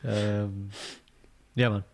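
A man chatting casually as a podcast co-host, telling stories and acting out quotes in lively voices. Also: lowish voice, very slow, vocal fry. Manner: animated storyteller, acts out quotes. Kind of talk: casual chat.

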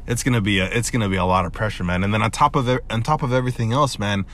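A young man hosting a casual solo podcast, rambling excitedly with lots of swearing and restarts. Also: lowish voice, rapid-fire, a little hiss or hum. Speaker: podcast host.

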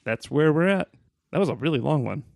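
A man's voice: a little high, animated, a little fast, gravelly, a little mellow, no room sound, studio quality. A man co-hosting a casual podcast, chatting playfully and reading aloud from a book. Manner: playful, puts on voices when reading quotes. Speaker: podcast co-host.

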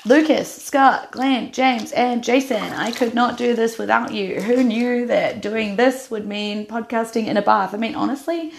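Upbeat New woman host, casual, fillers, fairly high voice. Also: a little slow, gravelly, hardly any pauses, a little hiss or hum. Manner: chatty, upbeat, uses "like" often. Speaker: podcast host. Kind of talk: casual chat. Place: bath.

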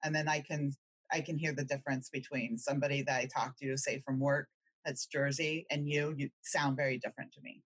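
A woman chatting casually, chiming in and agreeing, with a husky voice. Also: very deep voice, flat delivery, no room sound. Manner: chatty, quick to agree and chime in. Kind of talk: casual chat.

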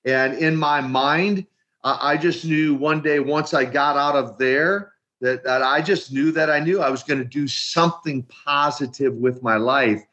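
Man, older, from Minneapolis, animated storytelling, repeats words, slightly high voice, dull lo-fi recording. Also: measured pace. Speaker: retired wrestler guest. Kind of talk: storytelling interview. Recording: dull lo-fi sound.

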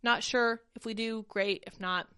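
A woman in her thirties with a fairly high voice hosts a political commentary livestream. She talks in a loose, conversational way and reads tweets and viewer comments aloud between her own remarks. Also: fairly even intonation, a little slow, sharp tone, smooth. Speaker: host.

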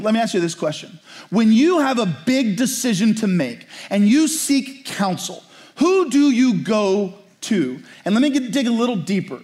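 A man's voice: high-pitched, very animated, moderate pace, a little mellow. A man preaching a sermon in a conversational way, often asking his listeners "right?". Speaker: pastor.

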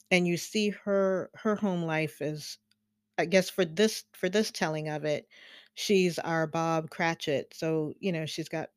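A woman's voice: lowish voice, dry recording, clean studio sound. A woman hosting a casual film review, chatty and rambling, laughing often between fillers.

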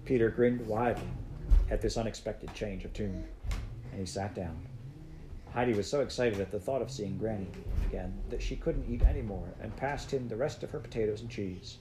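A man reading a children's story aloud in a measured, even storytelling manner. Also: on the low side, a little hiss or hum. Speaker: narrator. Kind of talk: audiobook narration.

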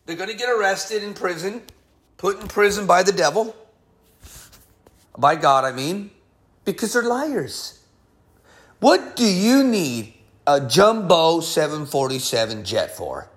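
Fiery high-voiced male preacher, scolding. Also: expressive, measured pace, long pauses. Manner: heated, scolding, emphatic preaching with sudden swings of loudness. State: upset. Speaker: pastor. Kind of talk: fiery sermon.

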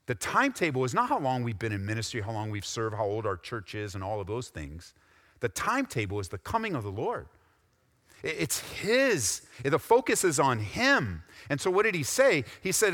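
A man preaching a sermon, swinging from loud, rising exhortation to low, quiet intensity. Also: wildly swooping pitch, moderate pace. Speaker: pastor. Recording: long hall reverb.

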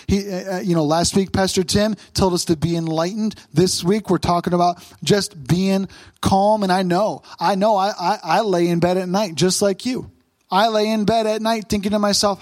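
A man preaching as a pastor, fervent and repetitive, swinging from urgent raised pleading to low hushed prayer. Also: normal speed, no room sound. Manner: repeats phrases, stumbles and restarts. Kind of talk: sermon and closing prayer.

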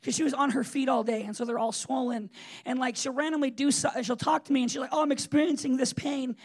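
A man's voice: very high-pitched, steady tone, fast talker. A man preaching a sermon in a conversational, emphatic way, with frequent fillers and restarts.

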